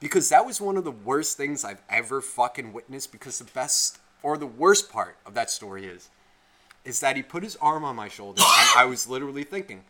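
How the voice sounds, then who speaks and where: A man co-hosting a podcast, telling a rambling story in casual chat, profane and animated. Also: mid-range voice, a little fast, slight background noise. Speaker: podcast co-host.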